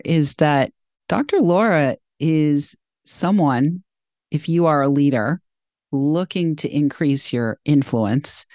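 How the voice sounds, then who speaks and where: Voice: medium pitch, a little mellow, no room sound. Affirming podcast host, dry close mic. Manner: affirming, drawn-out summarizing. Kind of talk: interview host closing a podcast.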